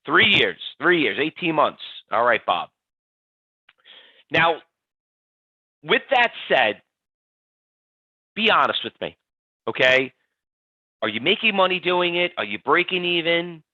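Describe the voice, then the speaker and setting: A man hosting a live trading webinar, talking in an energetic, chatty way and reading out audience answers by name. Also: a little high, slow pace, long pauses, no echo. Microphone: computer mic on a webinar stream. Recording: dull, slightly lo-fi webinar audio, dry.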